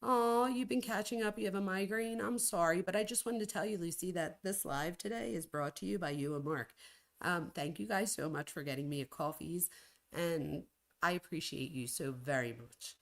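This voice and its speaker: A woman in her forties hosting a casual livestream, reading out viewer comments in a chatty, gushing way, with sudden excited jumps in pitch. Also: moderate pace, creaky. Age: 40s. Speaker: livestream host and college professor.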